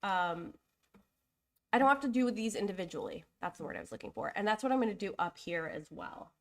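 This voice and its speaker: A young woman hosts a live design stream while getting over a cold, and her voice carries a gravelly fry. She chats casually, thinks aloud with lots of fillers and restarts, and is openly apologetic and emotional. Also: mid-range voice, sing-song, a little fast. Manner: chatty, thinking aloud with fillers and self-corrections.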